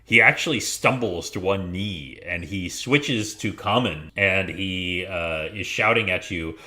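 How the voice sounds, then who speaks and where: A man running a tabletop game as game master, narrating with animated, laughing chatter. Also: low-pitched, unhurried.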